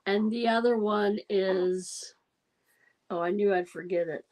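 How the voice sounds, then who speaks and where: A woman's voice: medium pitch, fairly even intonation, measured pace, darkish tone, poor audio. A woman hosting a casual livestream, telling rambling stories and laughing often as she chats with viewers. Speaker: livestream host. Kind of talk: casual chat.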